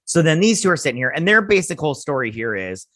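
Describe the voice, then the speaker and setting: Man host, casual sarcastic TV review rant, lively swinging pitch, dry sound. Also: fast, dry recording. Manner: sarcastic ranting, swearing.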